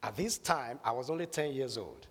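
A man preaching a sermon, telling a personal story dramatically and building to loud exhortation and prayer. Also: medium pitch, animated, moderate pace, slightly rough. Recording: long hall reverb.

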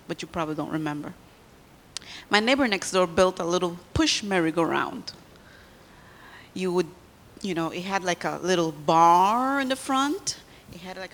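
Brief: lively woman, children's sermon in a church, long reverb, faint background noise. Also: medium pitch. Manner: animated, quizzes the children.

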